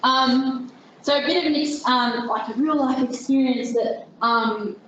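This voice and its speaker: A young woman speaks informally to an audience, rambling a little and stopping to restart her sentences. Her voice sits a touch high. The recording is dull and very echoey, as if taken in a big hall with faint background noise. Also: a little slow, fairly bright tone, recorded from a distance. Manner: chatty, self-deprecating, many fillers and restarts. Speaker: guest speaker. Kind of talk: informal presentation to a group.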